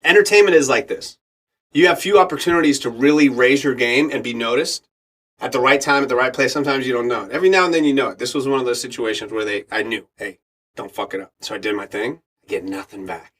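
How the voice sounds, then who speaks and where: A man's voice: medium pitch, quick pace, husky. A middle-aged man, an actor and radio host, telling a story as a podcast guest and acting out the voices of people in it. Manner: animated storyteller acting out quoted voices, laughs often.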